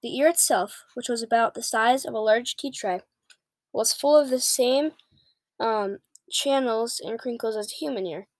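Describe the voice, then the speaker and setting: A woman's voice: fairly high pitch, moderate pace, dry recording. A woman reading a children's book aloud for listeners, plainly, with the odd slip and filler. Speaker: storybook reader.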